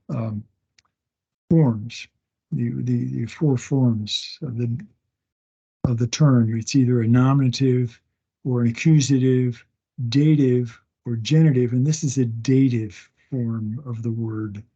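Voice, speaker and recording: A male instructor giving a recorded class lecture from home, talking slowly and haltingly, often pausing and restarting, and sounding out words one at a time and repeating them. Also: mid-range voice, dark tone, slightly rough. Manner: slow, halting, with many restarts and fillers. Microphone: online meeting recording. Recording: dull lo-fi meeting audio.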